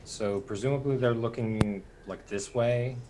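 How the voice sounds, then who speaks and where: A man playing a tabletop game, speaking quietly and hesitantly. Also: medium pitch, a little slow, noisy background. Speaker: player.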